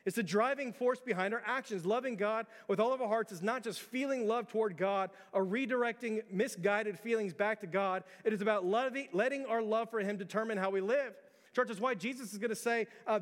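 High-voiced pastor in a reverberant church. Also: male voice, fairly bright tone. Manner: conversational, repeats words, builds to emphatic peaks. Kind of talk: sermon. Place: church sanctuary. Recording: long church hall reverb.

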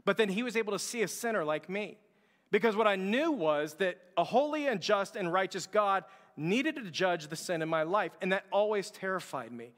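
Male pastor, sermon, impassioned storytelling, high-pitched voice, reverberant church sanctuary. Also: lively intonation, normal speed, fairly bright tone. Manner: impassioned storytelling, acting out quoted lines. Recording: long hall reverb.

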